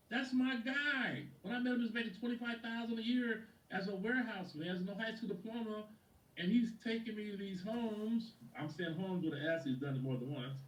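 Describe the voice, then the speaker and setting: A man who is a sales coach gives a lively motivational training talk, telling stories about clients and acting out their words. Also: sits high, a little fast. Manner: animated storyteller, acts out quotes, addresses a listener by name. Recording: roomy echo from a distant mic.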